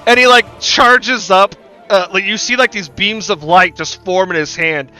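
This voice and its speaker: A man's voice: sits high, animated, a little slow, pushed and bright, faint music behind. A man narrating a tabletop game as game master, casual and full of fillers.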